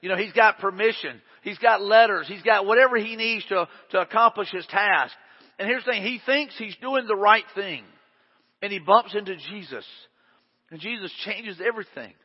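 A high-voiced male pastor preaches an emphatic, conversational sermon at normal speed, his voice slightly rough, often circling back to repeat phrases. The dull, lo-fi recording places him in a large church hall with a long reverb tail.

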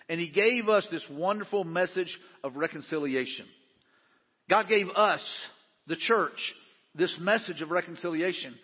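High-voiced pastor preaching in a reverberant hall. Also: male voice, husky, lo-fi sound. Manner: earnest, conversational preaching with frequent "man" and restarts. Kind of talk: sermon.

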